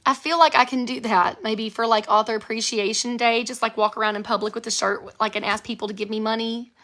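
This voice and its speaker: Woman, thirties, American, casual live stream chat, giggly, strained voice, bright tone. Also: a little high, fairly even intonation, fairly quick. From United States. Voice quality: strained voice after a vocal injury. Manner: chatty and giggly, reads viewer comments aloud. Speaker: author streaming live to followers. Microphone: phone live video.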